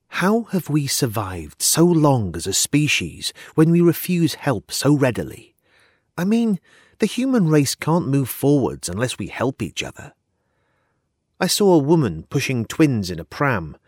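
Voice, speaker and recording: Man, storyteller, calm and eerie, measured delivery, very dry close sound. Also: mid-range voice, no room sound. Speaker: narrator. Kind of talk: first-person dramatic storytelling.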